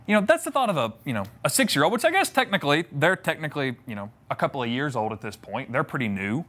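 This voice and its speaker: A young man preaches in an easy, joking way, slipping into voices to act out the story. His voice sits high for a man. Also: very animated, fast, pushed and bright. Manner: conversational and humorous, acts out scripture voices. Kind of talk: sermon.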